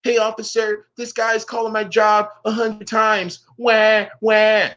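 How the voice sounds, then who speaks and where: A man's voice: sits high, level tone, takes it slowly, fairly bright tone, lo-fi sound, voice pushed up. A man voicing a meek, whiny man pleading with police, in a mocking tone.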